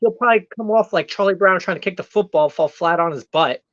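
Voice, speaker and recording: A man's voice: sits high, fast, a bit bright, dry recording. A man playing a brash, arrogant male heel wrestler persona as a guest on a talk show, ranting and taunting in character. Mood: cocky. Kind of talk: in-character comedic rant. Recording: dull, dry lo-fi sound.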